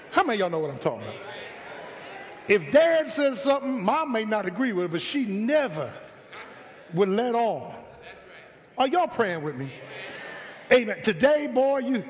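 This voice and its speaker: An older man preaching a sermon as pastor, calling out to the congregation and building to shouts. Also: sits high, sing-song, moderate pace, long pauses. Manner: call-and-response preaching, rising to shouts. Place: church sanctuary. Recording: muffled live audio in a hall.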